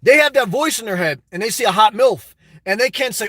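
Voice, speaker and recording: A man with a high, bright voice rambles through a livestream, crude and excitable, jumping from thought to thought. The sound is dry and close, recorded from inside his car. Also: fairly quick, no room sound. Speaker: livestream host reading chat. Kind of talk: rambling casual livestream chat.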